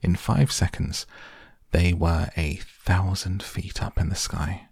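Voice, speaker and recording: Deep gravelly guy reading a kids story, slow and expressive. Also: no echo, clean studio sound. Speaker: audiobook narrator. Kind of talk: storybook narration.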